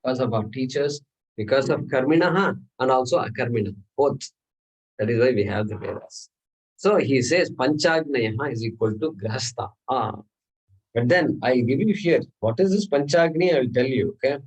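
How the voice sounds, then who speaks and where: This is a classroom scripture lecture by an animated man with a medium-pitched, breathy-edged voice speaking at normal speed, and the audio sounds dull. He explains one step at a time, frequently asks "okay?", and poses rhetorical questions to the class.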